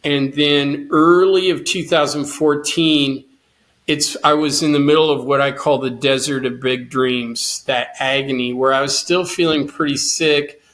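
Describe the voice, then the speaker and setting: Middle-aged male guest, slightly high voice, earnest storyteller. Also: steady tone, a little slow, fairly bright tone. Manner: earnest, quotes his own thoughts with rising intensity. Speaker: guest, cancer survivor and swimmer. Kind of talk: storytelling interview.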